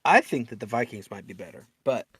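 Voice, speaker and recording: A man's voice: mid-range voice, expressive, brisk, fairly bright tone, husky, no echo. Male podcast co-host, dry close recording, wisecracking and blunt. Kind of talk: casual sports podcast chat.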